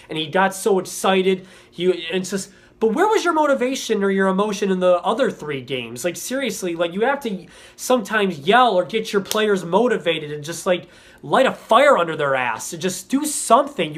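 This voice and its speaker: Young male fan vlogger, frustrated rambling rant, cursing, a bit higher-pitched. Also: a bit bright. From Florida. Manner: frustrated, rambling, swears often.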